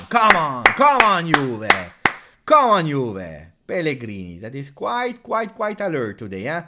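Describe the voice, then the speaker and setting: A man with an Italian accent hosting a live football reaction stream, excitable, chatting with viewers and bursting into loud cheers. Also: mid-range voice, slight background noise. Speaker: live match reaction host.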